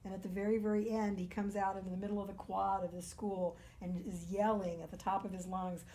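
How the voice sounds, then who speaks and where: A woman minister giving a gentle, earnest spiritual talk, sometimes dropping to a soft near-whisper. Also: mid-range voice, level tone, a little fast.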